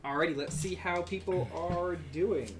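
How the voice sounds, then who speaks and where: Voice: mid-range voice, normal speed. A game master narrating a tabletop game in a casual, rambling way, full of "like" and "uh". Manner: casual, filler-heavy narration with swearing.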